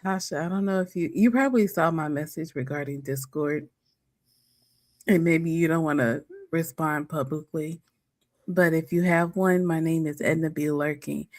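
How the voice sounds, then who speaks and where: Chatty giggly lady, lowish voice, guest on a stream, new mic. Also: moderate pace, a little mellow. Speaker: livestream guest. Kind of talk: casual livestream chat. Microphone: new microphone.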